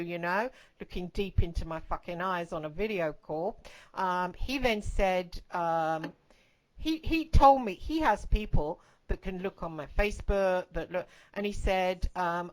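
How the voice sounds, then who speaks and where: A woman hosting a podcast, telling a story in casual, rambling talk, blunt and full of swearing, and dropping to a hushed, intense tone for the eerie parts. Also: fairly low pitch, expressive, unhurried, poor audio. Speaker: podcast host.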